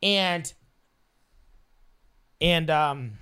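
A man's voice: fairly high pitch, extremely slow, bright, forceful tone, clear, resonant tone. A man telling a long, profane story in casual chat, acting out the quotes along the way. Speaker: storyteller guest. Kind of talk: casual storytelling while playing cards.

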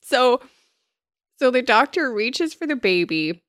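A woman's voice: fairly low pitch, a little slow, dry recording, clean studio sound. A woman in casual podcast chat, reading horror passages aloud dramatically and laughing often. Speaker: podcast co-host recapping a book.

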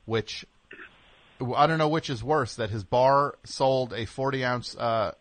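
A man's voice: medium pitch, a little slow, no room sound. A man hosting a comedic radio call-in show, sarcastic and mock-scolding with callers, rambling through fillers. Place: radio studio.

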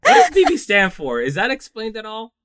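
A man chatting as guest co-host on a podcast, his voice swinging up and down with excitement. He reads trivia aloud eagerly into a dry, close studio mic. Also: high-pitched, a little fast, dry recording. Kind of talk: casual podcast chat.

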